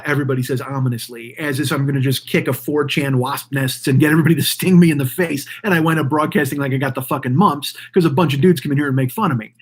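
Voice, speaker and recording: A man talking alone on his own show, cursing often and drifting from one gripe to the next. His voice sits high and husky, and he mocks what annoys him with a loose, rambling energy. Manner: profane, rambling, mocking. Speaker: podcast host. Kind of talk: casual ranting monologue.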